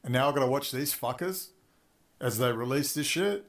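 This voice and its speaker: Man, mid-pitched and gravelly, delivering a rambling furious rant full of swearing. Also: moderate pace. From Australia. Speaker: online video maker. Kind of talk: profane angry rant.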